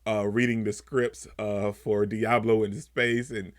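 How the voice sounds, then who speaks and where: A young man giving a casual video review of a TV episode, talking loosely with slang and getting animated as he retells scenes. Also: on the low side, unhurried. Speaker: TV show reviewer.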